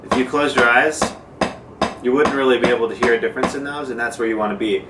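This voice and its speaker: Relaxed male drum teacher, roomy sound. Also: mid-range voice, fast talker. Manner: relaxed, informal, with fillers and demonstrations. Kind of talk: casual instructional talk. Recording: echoey room, mic far off, noisy.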